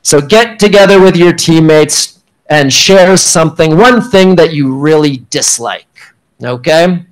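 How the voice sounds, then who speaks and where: Man with a slightly high voice, teaching a university workshop in a clear, emphatic way. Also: a little slow, low-quality recording. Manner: clear, emphatic teaching delivery with checking "okay?". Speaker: workshop instructor. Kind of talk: classroom workshop lecture. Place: university meeting room.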